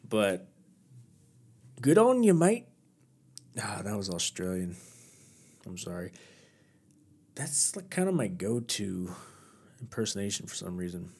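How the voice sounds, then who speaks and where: A man's voice: mid-range voice, mellow. A man hosting his own podcast alone, chatting casually in a rambling, self-deprecating way. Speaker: podcast host. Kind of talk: casual solo podcast chat.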